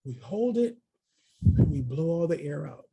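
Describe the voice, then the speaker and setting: A man delivering a webinar presentation to early childhood staff on a video call speaks encouragingly, drawing listeners in by name. His fairly high voice is sing-song, creaky, mellow and a bit breathy, at a measured pace.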